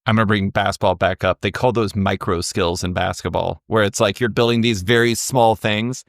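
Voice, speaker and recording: A man with a fairly low voice hosts a podcast interview. He asks thoughtful questions in a conversational way. The recording is dry and close. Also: steady tone, normal speed, dry recording. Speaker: podcast host.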